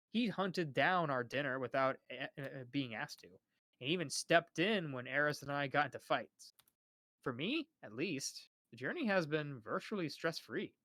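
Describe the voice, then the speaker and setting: A man's voice: fairly high pitch, fairly bright tone, no room sound, studio quality. A young man reading a novel aloud on a live stream, often stumbling over names and restarting words.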